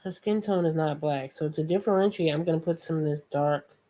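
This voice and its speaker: A woman's voice: low-pitched, brisk, mellow. A woman with a New York accent hosting a painting tutorial, chatty and playful, talking to viewers like friends. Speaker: art tutorial host. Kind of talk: casual painting tutorial chat.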